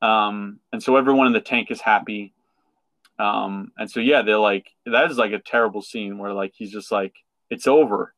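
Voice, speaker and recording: A man's voice: on the low side, moderate pace, no echo. A man on a podcast, chatting casually and retelling a story with lots of fillers. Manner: animated retelling with many fillers, acting out quotes. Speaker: podcast co-host. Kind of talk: casual chat.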